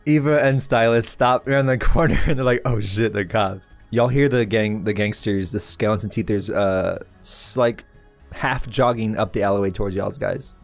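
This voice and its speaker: A low-voiced man runs a tabletop game, narrating the scene and chuckling between lines. He slips into quick voices for the people around the players. Faint music plays behind him. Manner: laughing often, voicing side characters in brief bursts. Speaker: game master.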